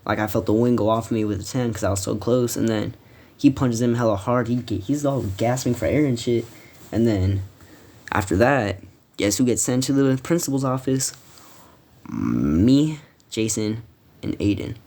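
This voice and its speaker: A man's voice: medium pitch, normal speed, darkish tone. A teenage boy telling a story from school in a casual, rambling, profane way, with frequent restarts. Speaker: storytime vlogger.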